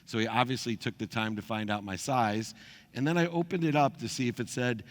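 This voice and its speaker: A middle-aged man telling a personal story as host, animated and acting out the people he quotes. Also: medium pitch, a little fast.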